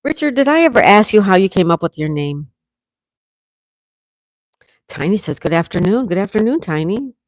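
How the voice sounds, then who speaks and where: A congested woman hosting a relaxed livestream at home, chatting and reading out viewers' comments. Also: mid-range voice, moderate pace, pauses often, no room sound. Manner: relaxed, chatty, laughs often. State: congested, coughing. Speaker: livestream host.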